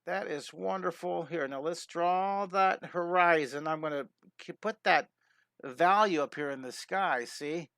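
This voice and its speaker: A middle-aged man hosting a live-streamed drawing lesson, chatty and enthusiastic, greeting viewers and making quick cat sounds as he draws. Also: on the high side, fairly bright tone, no echo, clean studio sound.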